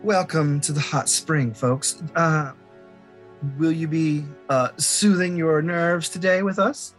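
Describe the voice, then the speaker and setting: A man voicing an elderly halfling woman who runs a hot spring, gruff and folksy. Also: a little high, takes it slowly, faint music behind. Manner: grumbling, folksy.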